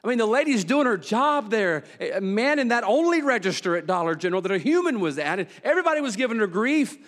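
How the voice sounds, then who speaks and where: Brief: a fairly high-voiced pastor, folksy and funny, moving from animated storytelling to quiet, low emphasis, recorded with a long reverb tail. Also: male voice, quick pace. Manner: swings from loud excited storytelling to low hushed emphasis; folksy, humorous, colloquial. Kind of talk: sermon with storytelling.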